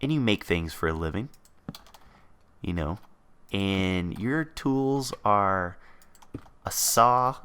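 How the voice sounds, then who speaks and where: A man's voice: deep voice, a bit bright, clean tone. A man hosting a let's play, chatting casually and thinking aloud as he builds. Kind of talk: casual gameplay commentary.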